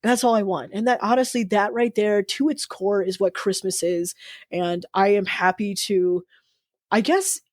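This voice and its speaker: A woman's voice: mid-range voice, steady tone, moderate pace, darkish tone, no echo, studio quality. A woman co-hosting a podcast, talking in a casual, earnest and rambling way with many fillers and restarts. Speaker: podcast co-host. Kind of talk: casual heartfelt chat.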